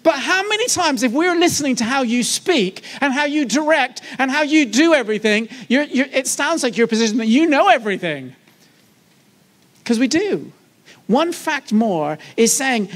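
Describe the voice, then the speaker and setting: A man preaching to a church congregation in a lively, conversational way, joking and asking the audience questions. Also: very high-pitched, moderate pace. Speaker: guest preacher. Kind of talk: sermon. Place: church service.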